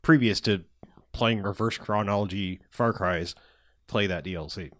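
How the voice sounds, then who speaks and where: A man's voice: lowish voice, moderate pace, fairly bright tone. A man chats casually on a podcast, swearing freely and circling back to correct himself. He talks over a remote video call from home. The sound is dry, with no room echo. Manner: profane, rambling, self-correcting. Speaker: podcast co-host. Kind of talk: casual chat.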